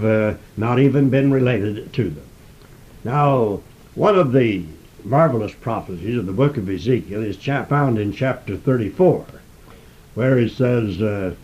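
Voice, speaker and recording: A man giving a Bible teaching, reading scripture aloud and explaining it in a measured, emphatic way. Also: mid-range voice, a little mellow, highs cut off. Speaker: preacher. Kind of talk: sermon-style Bible teaching.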